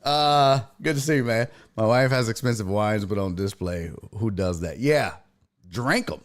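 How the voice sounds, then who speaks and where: A lowish voice at normal speed comes from a podcast host on a live stream. His chat is casual and full of swearing, and he reads out live chat messages while greeting viewers by name.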